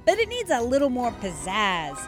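An exuberant, zany hatter from a storybook who talks loudly and with emphasis, as a woman puts him on. The voice sits high and swings about a lot, with soft music faint behind. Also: huge pitch swings, normal speed. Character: excitable zany male hatter.

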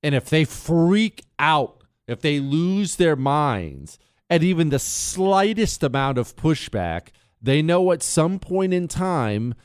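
A man delivers a political commentary monologue with a lively, rising and falling delivery. His slightly high voice is smooth and clear. The sound is dry and close. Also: takes it slowly, dry recording. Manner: animated, swings pitch for emphasis, acts out little scenes.

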